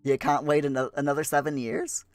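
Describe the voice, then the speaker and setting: A man's voice: a little high, dry recording. Chatty streamer man in a put-on Scottish accent. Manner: chatty, full of fillers and restarts; putting on a rough, self-admitted poor Scottish accent. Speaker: livestream host. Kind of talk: casual livestream chat.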